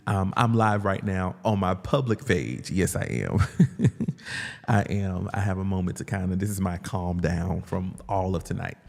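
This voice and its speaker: A man hosting a casual live stream, greeting the chat and talking about his ministry and business in relaxed slang. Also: low voice, moderate pace, gravelly, few pauses, long reverb tail. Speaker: livestream host, ministry leader.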